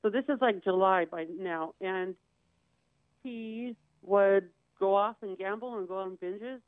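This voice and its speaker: A woman guest on a talk show tells a difficult personal story in a plain, candid way, acting out the voices of people she quotes. Her voice is medium-pitched and unhurried, coming through a thin, tinny, phone-like line with a dry sound and no room echo.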